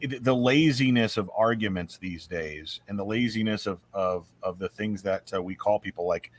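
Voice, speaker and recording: A married man co-hosting a casual chat, telling stories with animated, opinionated swings and some swearing. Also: on the low side, moderate pace. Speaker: podcast co-host.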